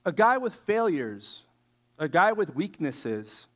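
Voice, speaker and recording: Animated slangy man preaching. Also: on the high side, slow pace. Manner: animated, slangy storytelling with many fillers. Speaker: youth speaker. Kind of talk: casual sermon.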